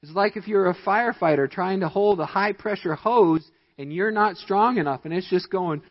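A man preaching a sermon as pastor, stressing his points with emphatic, rising delivery. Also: moderate pace. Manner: emphatic preaching with rising pitch on key lines. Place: church sanctuary. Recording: dull, echoey church recording.

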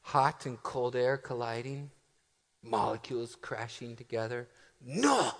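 A theatrical motivational speaker with a put-on foreign accent, as a preacher puts him on. He drags out his words and drops to a breathy hush. The sound rings with long reverb from a big space. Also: mid-range voice, lively intonation, a little slow. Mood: mock-dramatic. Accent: put-on Spanish-flavored foreign accent. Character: man doing a hammy movie-style motivational speaker.

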